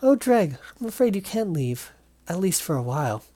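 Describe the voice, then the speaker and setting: A man's voice: sits high, sing-song, moderate pace, a little hiss or hum. A man reading game dialogue aloud, voicing a creepy, cheerful woman dance teacher who turns out to be a villain, in a sing-song, menacing way. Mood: sweetly menacing. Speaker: let's play reader voicing game characters. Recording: loud game music behind.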